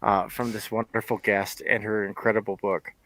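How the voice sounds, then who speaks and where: A man in his forties, co-hosting a podcast, telling an animated story in casual chat and laughing often. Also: fairly low pitch, normal speed, dry recording, low-quality recording. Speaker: podcast co-host.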